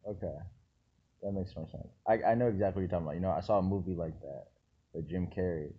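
A man hosting a podcast in casual, joking chat, quick to question and tease his guest. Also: low voice, breathy edge. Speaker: podcast host. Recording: dull lo-fi sound.

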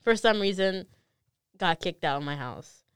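Slangy young woman, smooth dry voice. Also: on the low side, a little slow, no echo. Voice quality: slangy, animated storyteller. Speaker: co-host. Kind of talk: casual chat.

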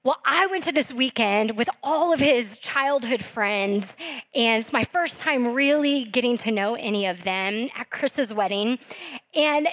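A woman's voice: on the high side, measured pace, fairly bright tone, no room sound, rough recording. A woman in her thirties giving a sermon to her congregation, telling a personal story in a chatty, informal way with plenty of fillers and asides. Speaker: preacher.

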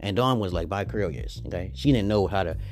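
A man's voice: sits low, brisk, a little mellow. A man in a rambling monologue to viewers, crude and boastful, tagging nearly every line with a questioning "okay?".

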